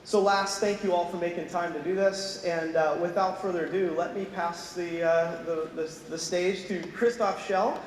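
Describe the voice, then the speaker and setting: A man with a notably high voice opens a conference, upbeat and full of thanks, with a few filler restarts. The sound is roomy and reverberant, caught from afar in a big hall with faint noise underneath. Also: fairly even intonation, moderate pace, hardly any pauses. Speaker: event presenter introducing speakers. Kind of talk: conference opening remarks. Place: large conference hall on stage. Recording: echoey hall, distant mic, faint noise.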